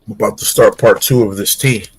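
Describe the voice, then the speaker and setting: Animated New man chatting on stream. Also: fairly quick, slightly rough. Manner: animated storytelling, breaks into silly high-pitched voices. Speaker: streamer host. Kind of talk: casual chat. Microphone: streaming mic.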